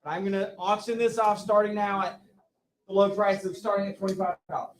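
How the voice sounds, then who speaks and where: A man's voice: high voice, flat delivery, a little fast. A man auctioning off a keepsake at a political rally, playfully prodding the bidders. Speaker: fundraiser auctioneer. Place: brewery rally. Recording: echoey space with crowd.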